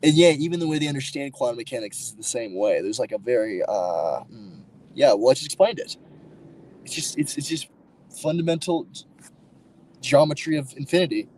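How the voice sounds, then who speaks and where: A man's voice: mid-range voice, animated, a little fast, a little mellow, a little hiss or hum, poor audio. A man hosting a livestream, rambling and arguing with his chat in a loose, profane way, full of fillers and restarts. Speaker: livestream host. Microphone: streaming mic.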